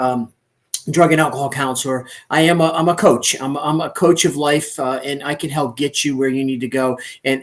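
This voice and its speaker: Guy hosting a podcast on a call, life coach vibe, earnest and encouraging. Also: a little high. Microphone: recorded online call.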